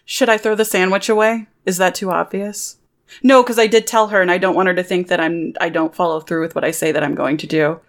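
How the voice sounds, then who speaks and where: A woman's voice: fairly low pitch, steady tone, a little fast. A woman playing a tabletop game in character, flustered and rambling, cutting herself off. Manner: flustered, rambling, self-interrupting. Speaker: player.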